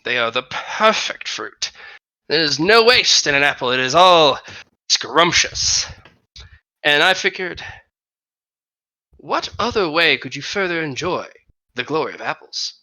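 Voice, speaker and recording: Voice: mid-range voice, expressive, unhurried, long pauses, bright, forceful tone. A game master voicing a cheerful, theatrical male cider merchant obsessed with apples in a tabletop role-play. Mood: enthusiastic. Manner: theatrical, salesy, addresses customer grandly.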